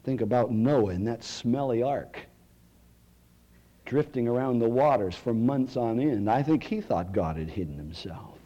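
Dramatic preaching man with a lively voice. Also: medium pitch, unhurried, dull audio. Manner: dramatic preaching, swings from loud to hushed. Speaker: pastor. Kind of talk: sermon. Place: church.

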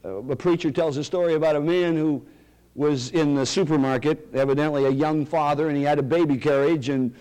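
A man's voice: fairly high pitch, fairly even intonation, a little fast, dark tone, smooth. A middle-aged man preaching a sermon, telling stories and building to emphatic declarations. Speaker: pastor.

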